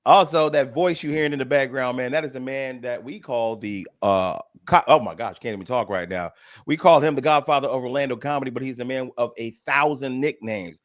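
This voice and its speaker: A man's voice: mid-range voice, a little fast, no room sound, clean studio sound. A man hosting a nightly comedy radio show, hyping up his guests like a showman and laughing along with them.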